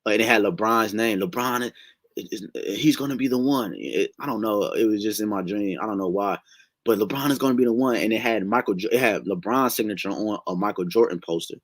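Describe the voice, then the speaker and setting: A man's voice: on the low side, fairly quick, dry recording. A young man recounting a dream in a casual, rambling way, emotional and slangy, swearing often. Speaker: testimony sharer. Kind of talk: casual spoken testimony.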